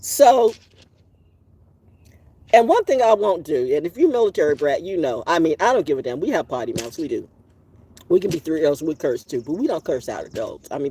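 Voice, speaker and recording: A woman telling a long story outdoors in a casual vlog monologue, profane and animated, laughing now and then and coughing from allergies. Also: low voice, breathy edge. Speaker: vlogger.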